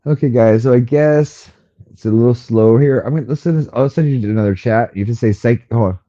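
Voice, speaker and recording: A man's voice: a little fast, warm tone. A man hosting a casual livestream from home, chatting loosely with his viewers, heard through a slightly muffled headset mic. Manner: rambling, chatty, coos at his cat in a high baby voice. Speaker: livestream host. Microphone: headphone mic, a bit muffled.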